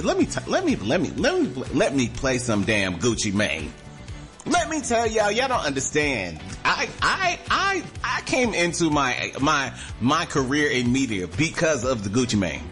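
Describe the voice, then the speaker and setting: Guy on talk radio, loose and emphatic, voice bouncing all over, a bit high. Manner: animated, emphatic, repeats phrases. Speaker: radio talk show host. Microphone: studio microphone.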